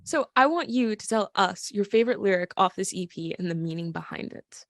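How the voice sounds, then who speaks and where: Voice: mid-range voice, brisk. Podcast host, upbeat and encouraging, voice bounces around a lot. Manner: lively, encouraging, frequent affirmations. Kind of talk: casual interview chat.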